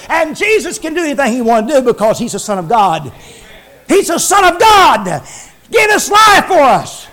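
Male preacher, very high-pitched, fervent broadcast sermon delivery with shouts and hushed asides. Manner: swings from shouting to low murmurs, repeats words, halting restarts. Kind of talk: Pentecostal-style broadcast sermon.

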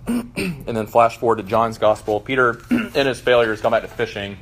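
A man's voice: mid-range voice, big pitch swings, moderate pace. A man in his thirties preaching a sermon to a gathered audience, earnest and conversational, with frequent fillers and restarts. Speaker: pastor. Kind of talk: sermon with scripture reading.

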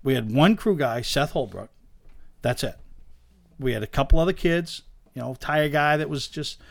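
A man, a guest telling lively stories about owning race cars in a casual chat, acting out the voices of the people in them. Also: medium pitch, moderate pace, vocal fry, dry recording. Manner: animated anecdote teller, acts out quoted dialogue. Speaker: guest, race car owner. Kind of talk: casual storytelling in a podcast chat.

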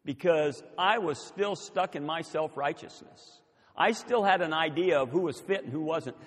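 An older man, preaching a sermon as pastor and telling a story with animated, building emphasis. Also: fairly high pitch, moderate pace. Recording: long reverb of a church hall.

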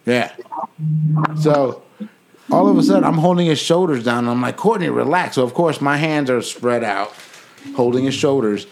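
A man co-hosting a casual podcast, telling a profane story and loudly acting out the voices in it between laughs. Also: medium pitch, normal speed, long pauses. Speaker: podcast co-host.

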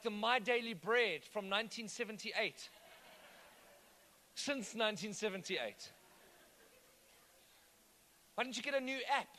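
Bright high-voiced preacher. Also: male voice. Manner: conversational, asks the congregation questions. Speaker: pastor. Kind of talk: sermon.

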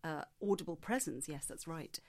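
A woman voice coach answering interview questions in a measured, explanatory way, sometimes demonstrating her own voice. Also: low-pitched, expressive.

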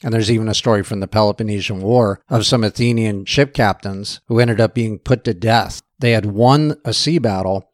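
A man's voice: on the low side, no room sound, clean studio sound. A man giving a storytelling history lecture. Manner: relaxed storyteller.

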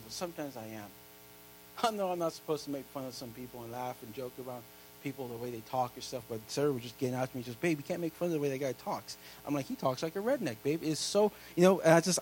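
A male pastor preaching a sermon, reading scripture loudly and slowly, then dropping into quiet, quick asides to the congregation. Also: high voice, low-quality recording.

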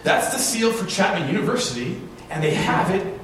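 A man's voice: high voice, sing-song, normal speed, fairly bright tone, slight background noise. A man in his forties preaching a sermon, telling stories in a conversational way and asking rhetorical questions. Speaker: pastor. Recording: very echoey hall from far off.

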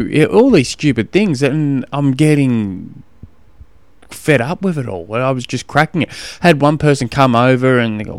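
Australian man, podcast host, casual rambling chat, smooth clear voice, dry close mic. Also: medium pitch, lively intonation, normal speed, dry recording. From Tasmania. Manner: rambling, frank, exasperated storytelling with frequent restarts. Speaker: podcast host and triathlon coach. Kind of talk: casual solo podcast monologue.

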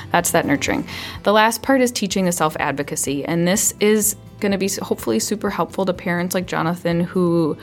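A woman who is an early childhood mental health specialist gives parenting advice in a podcast interview. She talks conversationally and often drops into a hushed, soothing tone. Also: fairly low pitch.

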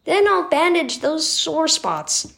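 A woman voicing a caring mother who speaks softly and reassuringly to her hurt son. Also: high voice, big pitch swings, slow, creaky, a little hiss or hum, voice pushed up, full character voice. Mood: comforting. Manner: soft, reassuring.

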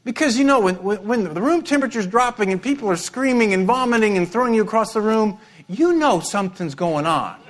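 A middle-aged male pastor preaching an animated sermon, with humorous asides and repeated words. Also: high voice, brisk, few pauses.

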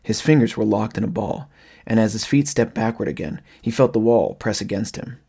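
A man reading a horror story aloud in a measured, somber way. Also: lowish voice, creaky, mellow, slightly rough. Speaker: narrator. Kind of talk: scripted horror narration.

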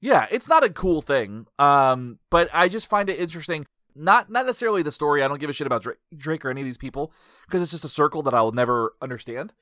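Bright, amused male podcast co-host. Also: a little high, no room sound, clean studio sound. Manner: amused, explains things, laughs easily. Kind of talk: casual podcast banter.

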